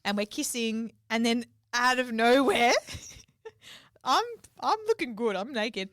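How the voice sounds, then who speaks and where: A woman's voice: fairly high pitch, animated, takes it slowly, fairly bright tone, dry recording, clean studio sound. A young woman, co-hosting a podcast and telling a story in casual chat, swearing freely and acting out quotes. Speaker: podcast co-host.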